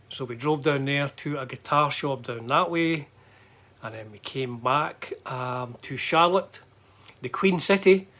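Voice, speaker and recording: Brief: middle-aged Scottish guitar vlogger, mid-pitched, loose and rambling. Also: male voice, a bit bright. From Scotland. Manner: rambling, chatty, frequent fillers and restarts. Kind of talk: casual travel chat.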